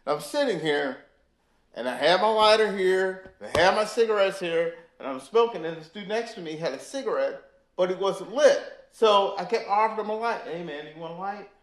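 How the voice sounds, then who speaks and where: A man in an interview telling stories from touring, animated and full of fillers. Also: high voice, moderate pace. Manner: animated storyteller, many fillers. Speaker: guest musician. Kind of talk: casual storytelling interview. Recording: echoey room.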